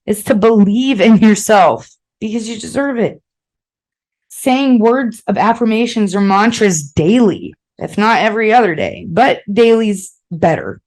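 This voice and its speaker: A woman's voice: medium pitch, animated, measured pace, darkish tone. A woman hosting a podcast, talking casually and bluntly to listeners, swearing freely and often checking in with "okay?". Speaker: podcast host. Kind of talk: casual motivational monologue.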